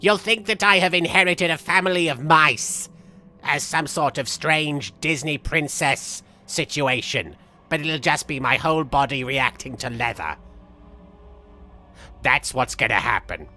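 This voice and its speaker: A man's voice: a little high, measured pace, pushed and bright. A man streaming a game in the persona of a vain, theatrical cartoon villain, reading chat aloud and joking. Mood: playful. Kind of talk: live game stream chat with in-character banter. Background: faint game music.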